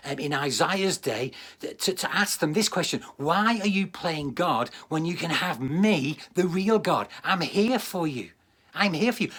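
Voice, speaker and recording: A man's voice: a little high, fairly bright tone, husky. A man preaching a livestreamed sermon, earnest and direct, often repeating words for emphasis. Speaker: pastor.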